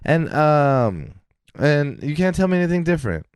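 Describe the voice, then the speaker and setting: A man's voice: a little high, normal speed, dry recording, studio quality. A man co-hosting a podcast in casual chat, telling stories with plenty of swearing and laughter. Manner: animated storyteller, swears freely, laughs often. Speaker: podcast co-host. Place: podcast studio.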